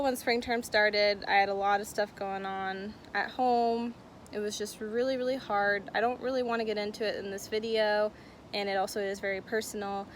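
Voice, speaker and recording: A woman's voice: mid-range voice, a bit bright, a little hiss or hum. A young woman telling a personal story-time on her vlog, bubbly and giggly, often saying "like" and "oh my gosh". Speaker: vlogger.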